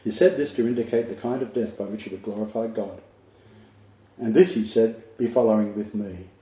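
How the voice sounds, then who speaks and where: An older man preaches in an earnest, emphatic way, with asides to his listeners. His voice is mellow and dark. The recording is dull and echoey, as if taken in a hall. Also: on the low side, a little fast. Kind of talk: sermon.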